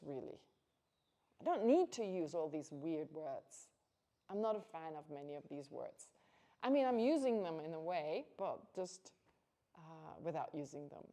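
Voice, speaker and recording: Woman, Buddhist teacher, lowish voice, warm mellow tone, chatty, laughs a lot. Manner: chatty and conversational, laughs often, restarts sentences. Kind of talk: informal dharma teaching to a class.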